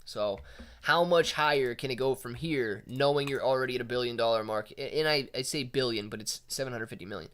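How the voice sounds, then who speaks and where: A man's voice: mid-range voice, fairly quick, fairly bright tone, clean tone. A man hosting a casual live stream, reading out viewer chat and talking loosely with his audience. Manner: loose and chatty, calls viewers dude and man.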